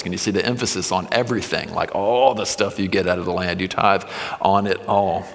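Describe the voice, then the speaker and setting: A man with a fairly low voice preaches to his congregation, moving between read scripture and relaxed, everyday explanation. His words ring out with the long reverb of a large church hall. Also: brisk, creaky. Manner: conversational teaching, reads scripture aloud then explains. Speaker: pastor. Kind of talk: sermon. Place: church sanctuary with screens.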